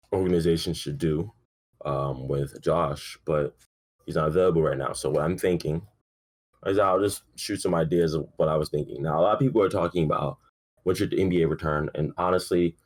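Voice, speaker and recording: Deep-voiced, laid-back young man. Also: darkish tone. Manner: rambling, profane, laid-back with frequent fillers. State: sleepy, yawning. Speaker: podcast host. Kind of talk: casual solo sports talk.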